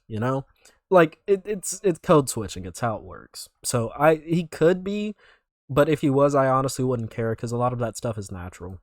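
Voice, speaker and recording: A young man from North Carolina hosting casual reaction commentary, rambling and self-correcting with sudden loud outbursts. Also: mid-range voice, very animated, normal speed, no echo, clean studio sound. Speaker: YouTube reaction host.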